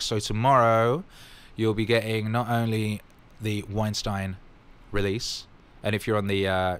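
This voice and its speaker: Rambling, upbeat low-voiced man. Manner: rambling and upbeat, with many fillers. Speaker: music producer answering fan questions. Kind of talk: casual Q&A vlog.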